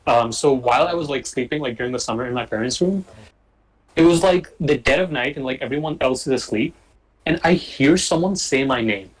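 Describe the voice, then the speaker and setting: A man's voice: mid-range voice, fairly quick, poor audio. Young man, casual chat, rambling, lots of filler words, remote call. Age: young adult.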